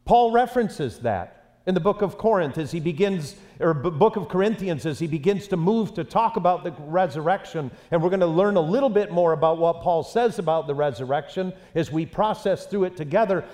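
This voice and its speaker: A man preaching a sermon to an auditorium crowd, dropping low and quiet for emphasis. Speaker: pastor. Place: large auditorium. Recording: reverberant auditorium sound.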